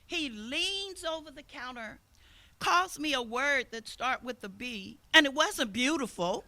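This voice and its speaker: Bright-voiced older woman preaching. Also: high-pitched, animated, unhurried. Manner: storytelling, acts out quoted speakers. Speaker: pastor. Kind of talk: sermon. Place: outdoors.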